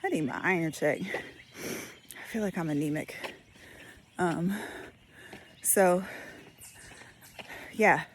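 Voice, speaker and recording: A woman's voice: lowish voice, slow pace, pauses often, a little hiss or hum. A woman, out of breath while walking outdoors, musing aloud in a casual spoken reflection with many fillers. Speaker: vlogger. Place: outdoors on a walk.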